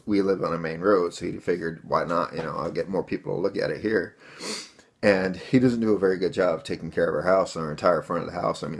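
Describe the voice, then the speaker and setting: A man with a very deep, gravelly voice recounts a story to camera. He rambles casually, leans on fillers and keeps calling his viewers guys. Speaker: vlogger telling a home defense story.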